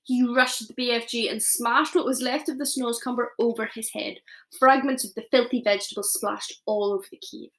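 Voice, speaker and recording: A woman teacher reading a children's novel aloud, expressive, with small slips as she goes. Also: a little high, brisk.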